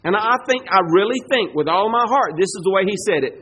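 A high-voiced preacher delivers his sermon. He pushes up loud and fast on his points, then drops low and slow for weight. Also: animated, slightly rough, low-quality recording. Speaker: pastor.

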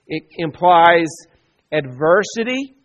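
A man preaching a sermon, moving between loud emphasis and quiet asides and acting out the people he quotes. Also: fairly high pitch, expressive, slow, dull audio.

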